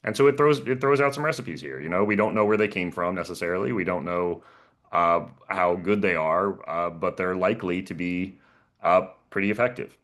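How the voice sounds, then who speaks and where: Low-voiced man explaining, halting. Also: a bit bright. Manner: halting, repeats words, chuckles often. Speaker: panelist and professor. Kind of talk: casual webinar explanation.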